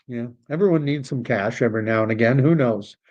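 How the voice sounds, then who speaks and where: A man's voice: mid-range voice, fairly quick, darkish tone. A Canadian man hosting a political livestream, chatting casually and rambling as he reacts to messages from viewers. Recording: dull lo-fi stream audio.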